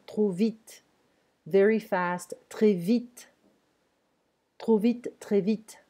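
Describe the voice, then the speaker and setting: A woman teaching to English speakers, repeating phrases slowly and patiently. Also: lowish voice, mellow, breathy edge. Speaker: French teacher. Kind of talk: live online language lesson.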